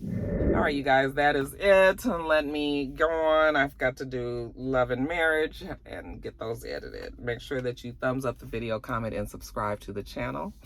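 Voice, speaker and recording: A woman vlogger giving a casual, profane, animated recap of a TV episode. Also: a bass voice, moderate pace, slight background noise. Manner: animated, profane, laughing storyteller. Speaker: TV review vlogger.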